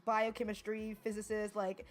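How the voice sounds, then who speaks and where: A woman's voice: medium pitch, completely flat delivery, soft background music. Wry young woman podcast co-host. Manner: wry, joking, quick to laugh. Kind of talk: casual chat.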